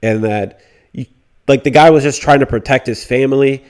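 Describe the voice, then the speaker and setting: An indignant man ranting through a casual commentary, blunt and loose, swearing often and stumbling into restarts. His voice sits at an ordinary middle pitch, and he keeps circling back to repeat his point. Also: moderate pace, a little mellow, clear, resonant tone. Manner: mocking quoted whiny voices. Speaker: commentary YouTuber.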